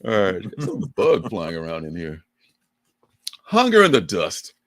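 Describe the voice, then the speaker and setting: Older guy on a livestream, lowish voice, bouncy excited delivery, laughs a lot, dry close sound. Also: measured pace, dry recording. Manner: animated, laughing, rambling. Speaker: livestream co-host. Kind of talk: casual chat.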